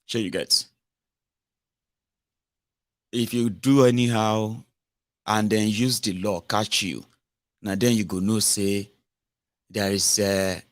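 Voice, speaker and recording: A Nigerian man with a Pidgin English accent, giving sarcastic, exasperated political commentary. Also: on the low side. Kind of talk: ranting video commentary.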